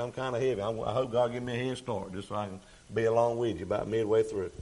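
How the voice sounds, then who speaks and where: A man preaching a sermon, folksy and plain-spoken, building to fervent, shouted passages. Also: medium pitch.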